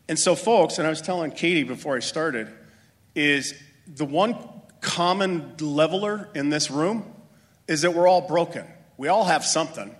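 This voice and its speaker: A man's voice: a little high, normal speed. Brief: a male speaker telling a personal story to a room, loose and self-deprecating, echo hanging in a big space. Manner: casual, rambling, many fillers, self-deprecating. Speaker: speaker addressing a group. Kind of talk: motivational talk with personal story. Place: meeting room with an audience.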